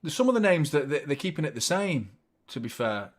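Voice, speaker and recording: A man's voice: a little high, sing-song, brisk. A man hosting a live football watchalong, commenting on the match, chatting to viewers and swearing freely. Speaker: host of a football watchalong stream.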